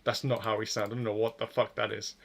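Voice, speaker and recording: A man's voice: fairly low pitch, level tone, fast, creaky. Rambling man streaming code. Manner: rambling, swears freely, self-deprecating. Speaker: live-coding streamer. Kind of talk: casual stream chatter while coding.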